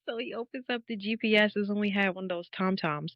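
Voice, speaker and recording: A woman in her thirties, a podcast guest, telling her faith testimony as a lively story, acting out the dialogue and laughing often. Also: medium pitch, moderate pace, dry recording. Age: 30s. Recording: dull, dry podcast audio.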